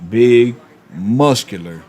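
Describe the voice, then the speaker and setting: A man streaming and chatting casually, animated, with quick asides and laughs. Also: mid-range voice. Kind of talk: casual chat while opening cards.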